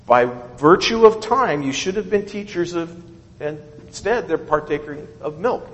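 A man leads a Bible study, talking through scripture and checking in with his listeners after each point. His pitch swings widely as he goes. The voice carries the long reverb of a large hall. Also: measured pace, highs cut off. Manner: animated, keeps asking okay and right.

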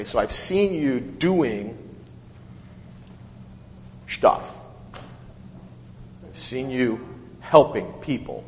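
A man leads a Bible study, talking through scripture and checking in with his listeners after each point. His pitch swings widely as he goes. The voice carries the long reverb of a large hall. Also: slight background noise. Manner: animated, keeps asking okay and right.

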